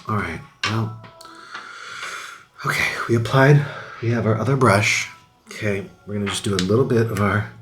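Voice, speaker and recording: A young man chatting casually as he tries out makeup on camera, upbeat and talkative, sometimes dropping to a whisper while he applies it. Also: fairly low pitch. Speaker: beauty vlogger. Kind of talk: casual makeup tutorial chat.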